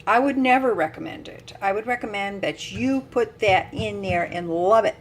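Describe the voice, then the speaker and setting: A woman's voice: medium pitch, moderate pace, slight background noise. Older lady showing how she cooks, folksy and chatty, pan sizzling faintly behind. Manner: chatty, folksy, self-deprecating, laughs often. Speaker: home cook. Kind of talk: casual cooking demonstration. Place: home kitchen.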